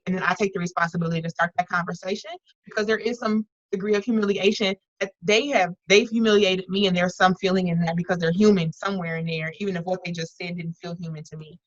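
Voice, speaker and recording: A woman's voice: lowish voice, steady tone, fast, hardly any pauses, no room sound, muffled recording. Earnest woman leading an online workshop. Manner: earnest, conversational, many restarts and fillers. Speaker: workshop facilitator.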